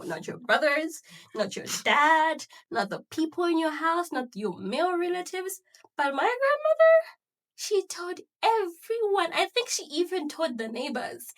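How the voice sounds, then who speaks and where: A young woman from Zambia hosting a solo podcast, telling a personal story in a chatty, animated way and laughing often. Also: on the high side. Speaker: podcast host.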